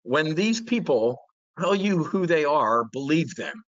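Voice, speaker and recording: A man's voice: a little high, expressive, measured pace, a bit bright, dry recording, highs cut off. A man hosting a trading show, delivering blunt, profane market commentary with mocking impressions.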